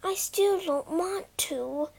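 A scared little girl's voice, high and whining, as a woman reader puts her on. She squeaks out every worry in a storybook reading, slow and sing-song. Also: very animated, heavily acted. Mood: fearful whiny. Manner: high whiny protesting. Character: timid frightened little girl.

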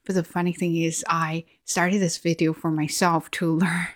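In a relaxed vlog monologue, this video host from China reflects aloud in a Chinese accent, often restarting and using fillers. Her pitch is fairly low with little movement, her speed normal, and the audio is studio quality without room sound.

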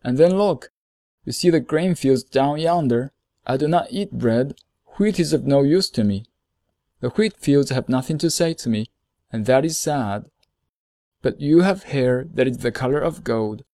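A man voicing a gentle, lonely male fox in a storybook reading, earnest and measured, explaining things slowly. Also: mid-range voice, lively intonation, dry recording.

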